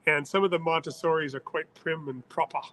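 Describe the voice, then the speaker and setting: Middle-aged guy musician guest, bright sharp voice, laughs a lot, faint room noise. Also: a little high, fairly quick, rough recording. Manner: animated, laughs while talking. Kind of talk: casual interview chat.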